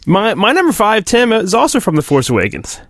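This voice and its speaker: A man hosting a podcast, relaxed and casual, laughing easily and swearing offhandedly. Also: high voice, fairly quick, no echo, clean studio sound. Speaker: podcast host.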